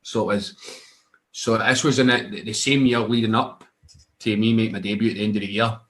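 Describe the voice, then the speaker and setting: A man's voice: fairly low pitch, flat delivery, fairly quick, fairly bright tone. A young Scottish man, a wrestler, casually telling rambling anecdotes in an interview, with many restarts and laughs. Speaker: wrestler guest.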